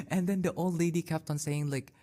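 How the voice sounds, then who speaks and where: In a warm, somewhat high voice, a young man hosting a podcast tells casual personal stories at an unhurried pace. His storytelling monologue is filler-heavy, peppered with "like" and frequent restarts.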